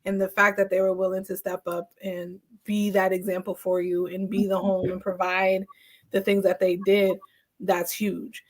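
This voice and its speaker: A woman's voice: mid-range voice, little pitch movement, normal speed. A young woman hosting a podcast, casual and affirming toward her guest. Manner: supportive, affirming, frequent back-channel. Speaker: podcast host. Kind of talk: casual chat.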